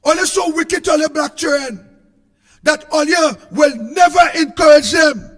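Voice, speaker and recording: A man with a Trinidadian accent giving an impassioned political speech, shouting in a repetitive, sing-song way. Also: extremely high pitch, moderate pace, long reverb tail. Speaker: political speaker.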